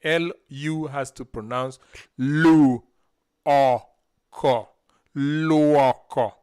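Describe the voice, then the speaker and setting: A man with a fairly high, smooth voice speaks at a slow pace. He's a language teacher on a live stream, breaking each vocabulary word into syllables and having a learner repeat after him.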